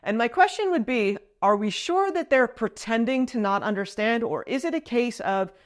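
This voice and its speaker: A woman in her thirties hosting a casual question-and-answer video, giving frank, lively advice with expressive swings in pitch. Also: normal speed. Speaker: vlog host.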